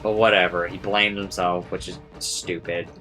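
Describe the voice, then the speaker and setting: A man's voice: low-pitched, normal speed, over music. A young man giving casual, rambling commentary over gameplay, saying "like" a lot and swearing freely. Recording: steady background noise.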